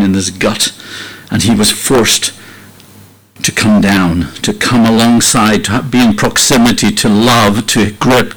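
A man's voice: fairly low pitch, husky, poor audio. A middle-aged man preaching an earnest, heartfelt sermon, often repeating and restarting phrases.

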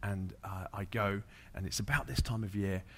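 A man's voice: on the low side, steady tone, moderate pace, slight background noise. A man, a pastor, preaching through an anecdote, with many fillers and restarts. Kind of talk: sermon storytelling.

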